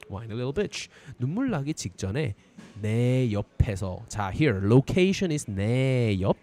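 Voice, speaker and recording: A man's voice: medium pitch, a little mellow. A man teaching a casual, irreverent language lesson on a live stream from outdoors, swearing freely as he explains. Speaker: Korean teacher.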